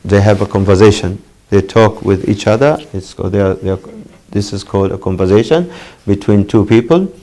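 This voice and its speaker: Slow, halting male English teacher. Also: a little mellow. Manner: slow, halting, many "uh" fillers; pitch jumps up when modeling phrases. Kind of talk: distance-learning lesson.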